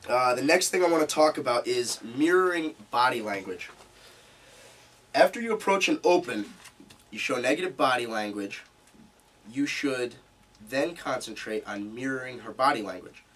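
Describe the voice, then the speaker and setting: A man presenting a live seminar to a small group, animated as he demonstrates different speaking tones. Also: mid-range voice, moderate pace. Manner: animated, demonstrates vocal tones while explaining. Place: meeting room. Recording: distant mic with faint room noise.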